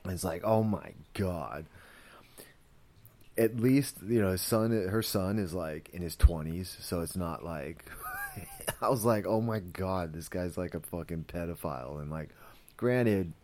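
Casual male podcaster with a deep voice, rambling, filler-heavy, profane recap. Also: moderate pace, a little mellow. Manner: rambling, full of "like" and "you know", swears freely. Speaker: podcast host reviewing a series.

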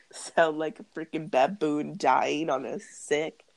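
Sick young woman cohost, blunt and jokey, lowish voice, dry close mic. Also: steady tone, takes it slowly, gravelly, dry recording. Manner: blunt, joking, laughs often. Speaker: podcast co-host. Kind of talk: casual chat.

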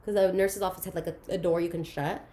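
A woman's voice: on the low side, fast talker. Woman telling a personal story. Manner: animated, acts out quoted voices, laughs through emotional moments. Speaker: guest sharing her story.

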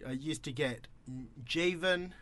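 A man's voice: fairly high pitch, slow pace, a crowd in the background. A man with an Australian accent hosting breakfast radio, chatting in a playful, jokey way. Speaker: radio host.

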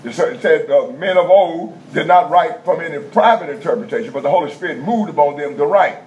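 A man preaching a teaching sermon in a conversational style, checking in with the congregation and repeating key points slowly in vernacular speech. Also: fairly high pitch, a little mellow. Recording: dull lo-fi sound with faint background noise.

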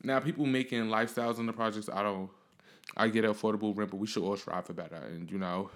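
Young male podcast host, lower-pitched, casual and foul-mouthed, rambling and animated. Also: quick pace. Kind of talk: casual storytelling.

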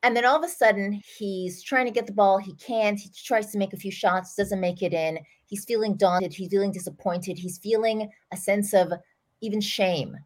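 A middle-aged woman, a parenting coach, talking through an example in an earnest, animated way as a podcast guest. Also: medium pitch, moderate pace. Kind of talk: storytelling explanation in an interview.

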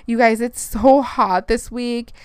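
A woman's voice: fairly high pitch, slow pace, clear, resonant tone, no room sound, studio quality. A young woman from Arizona hosting a casual solo podcast. She rambles and swears, laughs often, and slips Spanish phrases into her English. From Arizona, United States. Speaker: podcast host.

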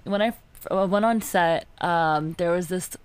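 A woman's voice: on the low side, moderate pace, clean tone. A woman, an actor, telling a story hesitantly with fillers in casual chat. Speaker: actor, guest.

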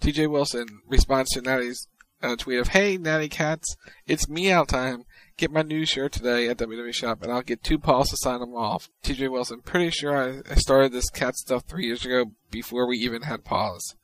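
A man's voice: mid-range voice, normal speed, fairly bright tone, dry recording, rough recording. Easygoing man podcast co-host. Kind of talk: casual chat reading social media posts.

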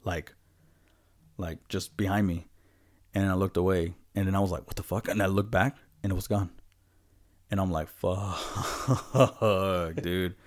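A man's voice: deep voice, fairly even intonation, unhurried, no room sound, clean studio sound. A man co-hosting a podcast, telling stories in a loose, profane, laid-back way. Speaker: podcast co-host. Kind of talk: casual storytelling.

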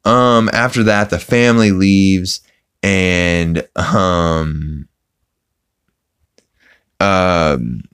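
A man's voice: low-pitched, extremely slow, long pauses, fairly bright tone, clear, resonant tone. A man hosting a podcast who recaps a cartoon episode in a casual, rambling way, with lots of ums and restarts as he quotes scenes. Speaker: podcast host.

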